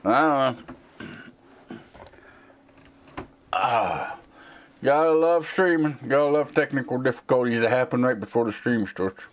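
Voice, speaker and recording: Casting: Southern American man, middle pitch, live stream host, rambling and sarcastic, slight slur. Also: measured pace, pauses often. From United States. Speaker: tech channel host.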